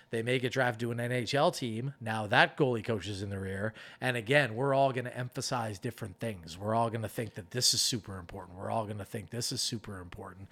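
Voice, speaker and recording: A middle-aged man coaching goalies, talking through his methods in a casual interview and acting out arguments. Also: medium pitch. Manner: animated explaining, acts out arguments.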